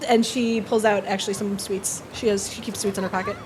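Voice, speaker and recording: A woman's voice: medium pitch, flat delivery, a little fast, background noise. A woman running a tabletop role-playing game as game master, narrating playfully and often laughing.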